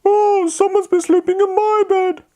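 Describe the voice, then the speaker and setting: A man voicing a prim mother bear in a storybook reading, high and sing-song. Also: level tone, a little slow, warm tone. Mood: huffy.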